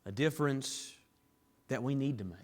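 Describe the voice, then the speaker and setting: A man preaching a sermon in a church, dropping to hushed tones and building to raised, emphatic climaxes. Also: medium pitch, normal speed. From Southern US. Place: church sanctuary. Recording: long reverb of a large hall.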